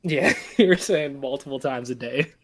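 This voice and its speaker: A young man co-hosting a podcast in a relaxed, agreeable way, laughing easily as he chats. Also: medium pitch, moderate pace. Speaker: podcast co-host. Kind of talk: casual chat.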